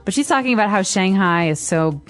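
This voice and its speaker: A woman's voice: mid-range voice, lively intonation, brisk, faint music behind. A woman from Chicago co-hosting an English lesson, explaining phrases in an emphatic, teacherly way. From Chicago, United States.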